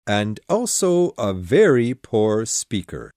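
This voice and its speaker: Woman putting on a deep slow pompous king. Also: very animated, dark tone, no echo, clean studio sound, heavily acted. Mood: stern. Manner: deep gruff commanding tone. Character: pompous fussy old king presiding over a trial.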